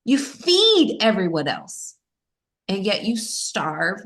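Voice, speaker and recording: A woman's voice: mid-range voice, huge pitch swings, slow, fairly bright tone, heavily acted. A woman voicing a female fire-breathing dragon that stands for anger, speaking in a reproachful tone. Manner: reproachful, pleading to be cared for.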